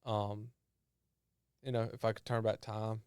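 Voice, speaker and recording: Flat-voiced man recounting his story. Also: fairly low pitch, clear, resonant tone, dry recording, clean studio sound. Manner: halting, repeats words when emotional. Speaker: podcast guest. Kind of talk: personal testimony storytelling.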